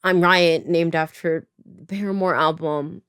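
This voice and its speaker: A woman's voice: lowish voice, steady tone, measured pace, fairly bright tone, smooth. A woman voicing a young man who is friendly at first and then turns menacing, said in a casual, offhand way. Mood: friendly, eager.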